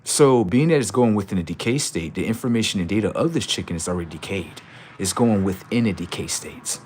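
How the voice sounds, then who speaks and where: A man with a fairly low voice lectures his livestream chat, repeating his points over and over. He swears freely, asks rhetorical questions, and sometimes bursts into loud outbursts. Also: expressive, brisk, slight background noise. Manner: preachy, repetitive, profane, jumps into loud outbursts. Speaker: livestream host.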